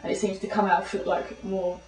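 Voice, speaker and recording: A woman's voice: mid-range voice, flat delivery, fairly quick, darkish tone. A young woman, a student, chatting casually and rambling nervously with many restarts. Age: young adult. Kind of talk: casual chat. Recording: echoey room, mic far off.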